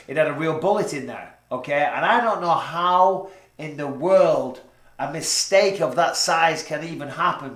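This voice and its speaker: Joking man in an echoey room. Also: medium pitch. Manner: swearing, joking, chatty. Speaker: podcast host. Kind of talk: casual chat. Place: studio room with lighting setup.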